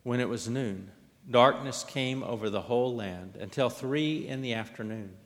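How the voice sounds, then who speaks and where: A man's voice: mid-range voice, moderate pace. A man giving a liturgical scripture reading, dramatic in delivery and lifting his voice for the quoted lines. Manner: dramatic, lifts and raises voice for quoted speech. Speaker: scripture reader. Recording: long hall reverb.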